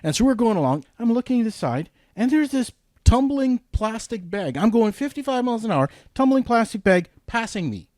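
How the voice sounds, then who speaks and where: A male trucker telling a road story in casual chat, animated and rising sharply in pitch when excited. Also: brisk, dry recording, studio quality. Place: studio table.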